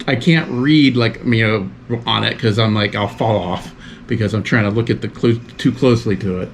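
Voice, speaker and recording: A man's voice: fairly low pitch, moderate pace, slight background noise. A man, a guest in a casual chat, rambling loosely with lots of fillers.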